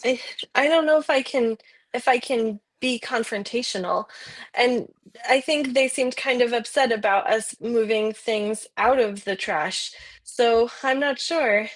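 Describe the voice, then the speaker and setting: Timid, stammering apologizer, played by a woman, slightly high voice. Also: unhurried. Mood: hesitant. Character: timid apologetic adult, easily ashamed.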